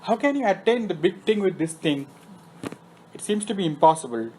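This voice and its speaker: A man's voice: high voice, expressive, moderate pace, a little mellow, slight background noise, rough recording. A man lecturing on Vedic philosophy who recites Sanskrit terms and then explains them, often asking himself a question and answering it. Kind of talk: scripture lecture. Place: temple meeting room.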